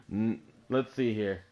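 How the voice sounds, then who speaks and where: A man hosting a casual gaming session with a friend, crude and teasing, swearing often. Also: lowish voice. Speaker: gaming channel host. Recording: dull lo-fi capture with faint noise.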